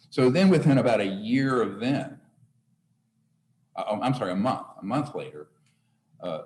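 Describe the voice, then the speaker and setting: Deep-voiced older man lecturing. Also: a little mellow. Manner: earnest, rambling storytelling with restarts. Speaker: seminar speaker. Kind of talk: live lecture to an audience. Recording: echoey room.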